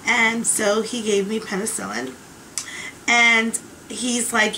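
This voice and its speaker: A woman talks through a casual video diary in a bright, sharp-edged voice set a little high. She rambles and vents with chatty exasperation, and she rarely pauses. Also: flat delivery, a little hiss or hum, rough recording. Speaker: vlogger.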